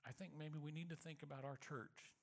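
Man with a high voice, reflective church talk, slows down to land the point. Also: steady tone, vocal fry. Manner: reflective, slows and softens for emphasis. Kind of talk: storytelling sermon.

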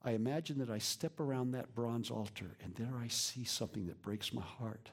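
A man preaching a sermon as a pastor, moving between lively emphasis and hushed whispers. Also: mid-range voice, moderate pace, slightly rough. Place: church.

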